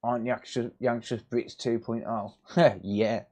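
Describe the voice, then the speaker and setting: A man's voice: medium pitch, little pitch movement, a little slow, warm tone. A man, chatting casually and joking crudely with viewers while doing electronics repair work. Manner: joking, crude banter with chat. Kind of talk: casual live-stream chat while working.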